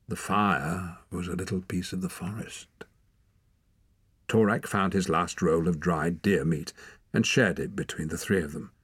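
A man narrating an audiobook in a calm, measured storytelling manner. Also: deep voice, breathy edge, dry recording. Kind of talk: scripted narration.

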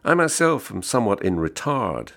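A man's voice: on the low side, very animated, normal speed, gravelly, fairly bright tone, pitched above the performer's own voice, exaggerated voice. A man reading the part of a bored, sardonically joking American man of thirty-five. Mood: wry. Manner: wry, teasing, mock-jovial.

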